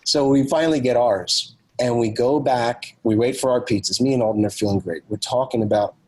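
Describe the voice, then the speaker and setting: Husky and brisk, a medium-pitched man appears as an author guest on a podcast over a low-quality recording. He recounts something from his own life with lively energy, performing each character's quoted lines.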